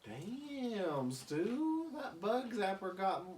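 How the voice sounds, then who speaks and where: A man's voice: high-pitched, big pitch swings, extremely slow, darkish tone, distant mic, a little hiss or hum, voice pushed up, exaggerated voice. Man doing coarse cussing old grandpa, slightly raised voice. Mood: gloating.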